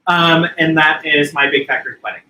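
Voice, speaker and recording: A man co-hosting a podcast in casual chat, animated and acting out movie lines. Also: fairly high pitch, normal speed. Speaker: podcast co-host. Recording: roomy echo.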